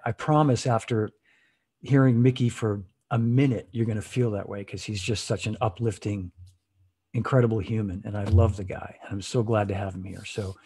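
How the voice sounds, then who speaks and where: A man's voice: mid-range voice, dark tone, breathy edge. A man hosting a live online chat, introducing his guest enthusiastically with frequent restarts. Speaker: host. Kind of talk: casual interview. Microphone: video call.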